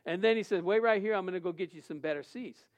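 Male pastor, sermon, high-pitched voice, storytelling, laughs while acting out dialogue. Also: fast.

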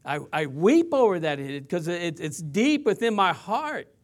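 A man preaching a sermon, impassioned and shifting between loud and hushed delivery. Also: sits high, very animated, measured pace. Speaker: pastor.

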